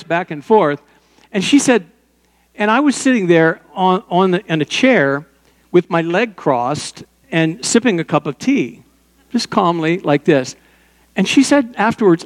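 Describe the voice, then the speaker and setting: Older man, pastor, sermon, conversational, personal anecdotes, self-correcting, fairly high-pitched. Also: very animated, unhurried, in a large hall.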